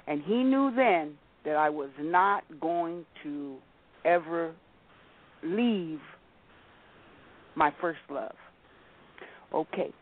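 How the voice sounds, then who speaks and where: A woman telling a personal testimony as a guest, slowly relating a story and acting out the people in it. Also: low voice, expressive. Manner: slow storytelling, acting out quoted voices. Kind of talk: personal testimony in a call-in talk. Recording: tinny phone line.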